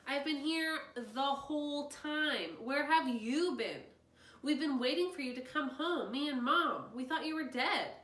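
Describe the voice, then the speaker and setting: Boy, agitated and pleading, read by a woman; slightly raised pitch, distant mic with faint noise. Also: very animated, moderate pace, few pauses, a bit bright, echoey room. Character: upset boy, anxious and demanding.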